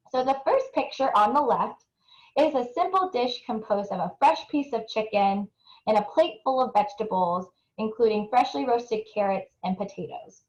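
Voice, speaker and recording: A woman's voice: fairly high pitch, reverberant, rough recording. A young adult woman giving an earnest, explanatory research presentation, often restarting her phrases. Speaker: nutrition researcher presenting a webinar. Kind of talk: presentation talk with audience poll.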